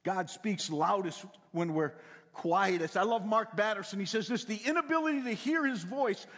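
An older man preaching a sermon in a folksy way, repeating words and swinging from loud to hushed. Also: high voice, moderate pace, big-room sound. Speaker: pastor.

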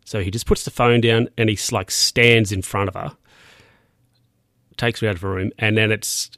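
A man's voice: fairly low pitch, steady tone, moderate pace, fairly bright tone, dry recording, studio quality. A man casually recapping a film scene by scene, rambling and correcting himself with plenty of fillers.

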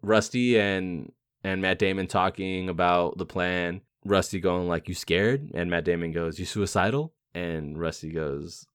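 A man's voice: low voice, flat delivery, clean tone, dry recording, studio quality. A man co-hosting a podcast, chatting casually about a movie, quoting lines with plenty of swearing. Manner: swearing, quotes movie lines, quick bursts. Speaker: podcast co-host. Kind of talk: casual movie-review chat.

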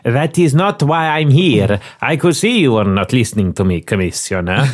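A man voicing a stern male police commissioner who gives brisk orders. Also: medium pitch, big pitch swings, natural voice. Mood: commanding.

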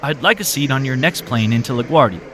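A man's voice: mid-range voice, expressive, quick pace, background noise, pitched above the performer's own voice, natural voice. A man voicing an anxious woman in an audiobook. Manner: tense and pleading. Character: anxious woman searching for her daughter.

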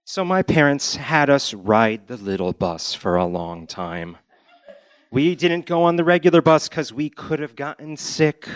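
A man's voice: mid-range voice, unhurried, clear, resonant tone, no echo, muffled recording. A man from Connecticut telling a childhood story on stage with wry delivery, acting out family voices. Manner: wry, deadpan delivery with acted-out quotes. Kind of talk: live personal storytelling.

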